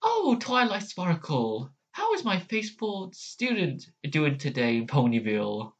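A gentle pony princess, as a man puts her on, speaking to her student slowly and with ceremony. The voice is lifted well above the speaker's own. The sound is dull, like a home recording. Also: on the high side, huge pitch swings, far from the mic, pitched above the performer's own voice, heavily acted. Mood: regal.

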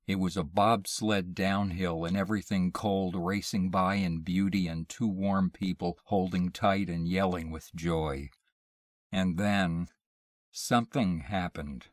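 Deep, slow male storyteller. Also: steady tone, dry recording, clean studio sound. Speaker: audiobook reader. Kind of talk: reading a short story aloud.

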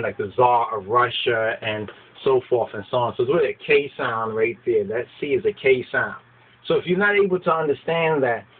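A man giving an informal lecture who keeps checking in with his listeners, often asking "right?" and "you understand?". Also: mid-range voice. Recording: tinny phone-like sound.

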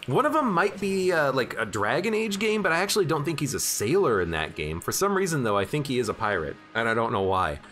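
Animated man streaming a game. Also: medium pitch, fairly quick, hardly any pauses, soft background music. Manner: animated, jokey, chatting with viewers. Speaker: streamer playing a video game. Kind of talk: casual gameplay commentary.

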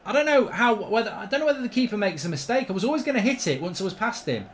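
A middle-aged man commentating on his own football video game, grumbling and swearing one moment and yelling the next. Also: high voice, sing-song, very fast, slight background noise. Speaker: gaming streamer. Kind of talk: live gameplay commentary.

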